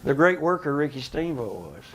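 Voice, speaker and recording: A man telling wrestling-career stories in an interview, animated and profane, laughing often. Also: a little high, normal speed, crowd noise. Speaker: interview guest, retired wrestler. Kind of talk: shoot interview storytelling.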